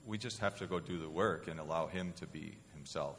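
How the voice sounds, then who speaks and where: A man with a very low voice speaks earnestly and haltingly about trust in God. His words carry a long hall reverb, with a faint hum of room noise behind him. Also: a bit bright. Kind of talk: casual testimony.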